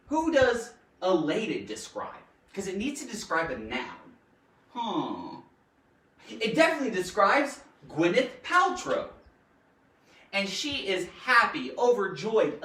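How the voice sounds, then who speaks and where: A woman with a mid-range, fairly bright voice hosts a playful live grammar lesson, giggling and joking as she talks straight to her viewers. She's a grammar teacher and show host, recorded off-mic and far away in an echoey room.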